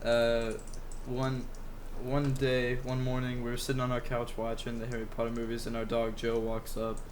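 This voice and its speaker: A man's voice: medium pitch, monotone, normal speed, a little hiss or hum. A man co-hosting a casual podcast among friends, telling a meandering story and swearing casually. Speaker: podcast co-host.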